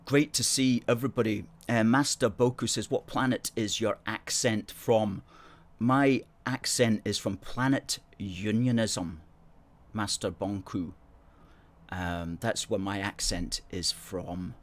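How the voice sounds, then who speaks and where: A middle-aged man hosting a live stream, chatting casually and playfully as he reads out viewer comments. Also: on the low side. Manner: playful, chatty, self-mocking. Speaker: host.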